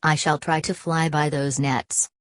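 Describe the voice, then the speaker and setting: A woman's voice: low voice, little pitch movement, measured pace, no room sound. A woman voicing a proud, aloof young male student from an audiobook novel, speaking coolly and defiantly.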